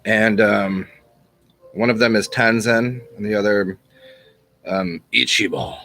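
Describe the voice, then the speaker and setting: A man talking casually as a channel host, teaching and telling old parables in a rambling, unhurried way, with restarts and the odd chuckle. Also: lowish voice, fairly bright tone. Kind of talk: casual spoken teaching and storytelling.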